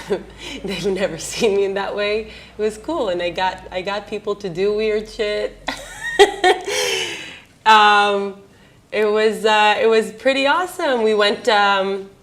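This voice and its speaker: Woman, thirties, candid storytelling, rambling, laughs a lot, medium pitch. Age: 30s. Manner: rambling, giggly, laughs often. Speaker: interviewee.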